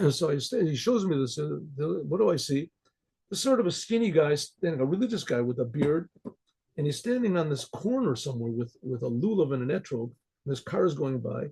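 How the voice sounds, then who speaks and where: Gravelly, husky man telling a story. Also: fairly high pitch, brisk. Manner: rambling, animated, full of restarts. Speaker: rabbi. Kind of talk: storytelling talk.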